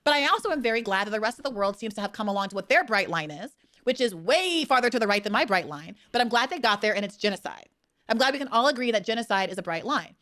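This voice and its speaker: Fast, passionate high-pitched woman. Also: animated, fairly bright tone. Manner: passionate, rapid, emphatic. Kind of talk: heated political debate.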